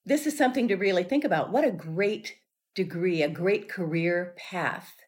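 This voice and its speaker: A woman's voice: fairly low pitch, lively intonation, normal speed. A woman hosting an interview, enthusiastic and encouraging, with frequent affirmations. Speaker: podcast host. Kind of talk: interview host.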